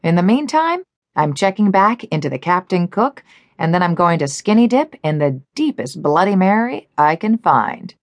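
A woman's voice: on the low side, very animated, moderate pace, no room sound. A woman narrator voicing a harried male businessman with a wry, exasperated manner.

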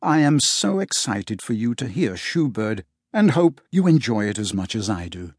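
Brief: male family-audiobook narrator, animated delivery, slightly husky tone. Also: fairly low pitch, moderate pace, no room sound, clean studio sound. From England. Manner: lively, playful storytelling.

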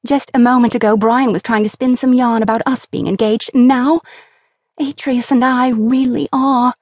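A woman's voice: fairly high pitch, steady tone, normal speed, darkish tone, dry recording, clean studio sound, voice pushed up. A woman voicing a young woman who has just become engaged, in an eager, breathless tone, for an audiobook. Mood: giddy. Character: young woman, newly engaged, giddy bride. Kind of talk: audiobook character voice.

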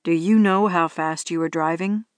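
A woman voicing a tall male police officer, speaking firmly, calmly and patiently. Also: lowish voice, no echo, pitched below the performer's own voice, natural voice. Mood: patronizing. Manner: firm, measured, patient.

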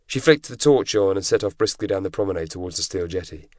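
A man narrating an audiobook in a measured, dramatic storytelling manner. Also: low-pitched, lively intonation, no echo. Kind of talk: scripted narration. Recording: dry close studio recording.

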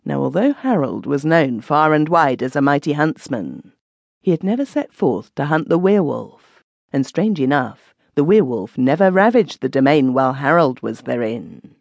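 A woman narrating an old legend in measured, archaic storytelling. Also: deep voice, animated, gravelly, darkish tone, no room sound. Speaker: audiobook narrator. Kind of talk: scripted narration.

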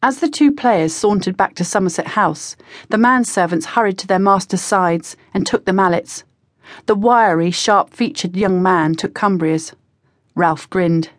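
A woman with a mid-range voice narrates a teen adventure audiobook from a script, reading in a measured storytelling manner. The studio sound is clean, with no room sound.

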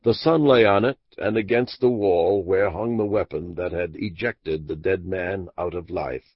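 A man narrating a classic mystery audiobook in a measured, expressive storytelling manner. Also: sits low, breathy edge, no echo. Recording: dull dry lo-fi audiobook recording.

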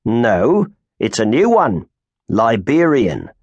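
A man voicing a gruff, proud male starship captain who answers stiffly. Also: medium pitch, huge pitch swings, slow pace, a little mellow, no room sound, dull audio, exaggerated voice. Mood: smug. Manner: stiff, growling, then smug.

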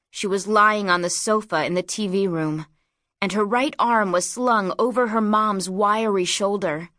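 Slow, measured woman narrating a story. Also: medium pitch, a bit bright, no room sound, clean studio sound. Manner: measured, dramatic storytelling delivery. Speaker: audiobook narrator. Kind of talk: scripted audiobook narration.

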